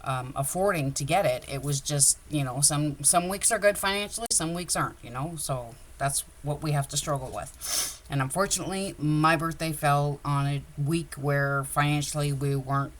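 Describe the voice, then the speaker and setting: A woman's voice: low voice, normal speed, hardly any pauses. A woman chatting casually on a livestream about her crafts, rambling and openly emotional. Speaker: craft vlogger.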